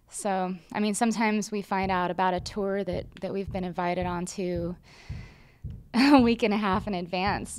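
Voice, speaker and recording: A woman in a band, chatting and giggling through a casual interview. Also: lowish voice. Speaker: band member. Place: backstage at a concert venue.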